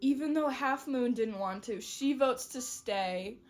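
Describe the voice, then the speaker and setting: Young woman co-host, high, giggly, slangy chat. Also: unhurried, a little mellow. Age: young adult. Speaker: podcast co-host. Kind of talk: casual chat.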